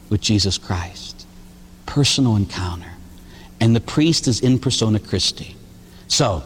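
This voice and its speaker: Animated male priest preaching in a reverberant church. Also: mid-range voice, a little hiss or hum. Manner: animated, conversational preaching with rhetorical questions and humor. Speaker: Catholic priest. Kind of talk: sermon.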